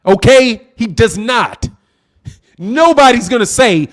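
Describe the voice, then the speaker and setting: A man's voice: high-pitched, big pitch swings, moderate pace, fairly bright tone. A man hosting a live boxing show, reading chat comments and bluntly mocking commenters while repeating his points. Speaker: boxing channel host.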